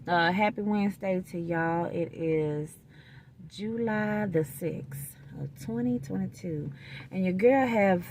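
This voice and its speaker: A woman's voice: on the low side, slow, darkish tone, a little hiss or hum. A woman, chatting folksily to viewers while eating in her parked car, recorded on a phone. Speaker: food vlogger. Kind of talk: casual vlog chat while eating. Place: parked car in a restaurant parking lot.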